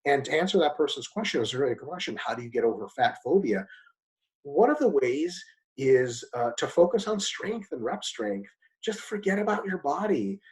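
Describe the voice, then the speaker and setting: A man's voice: very animated, rough recording. A man answering interview questions bluntly and emphatically, swearing casually as he explains. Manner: fast with sudden pitch jumps. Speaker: guest expert.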